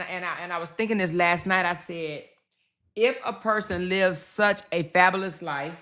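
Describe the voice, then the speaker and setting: Woman, livestream host, casual commentary, bright forceful tone, chatty, talks to her chat, laughs a lot. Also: on the low side. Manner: laughs often while talking.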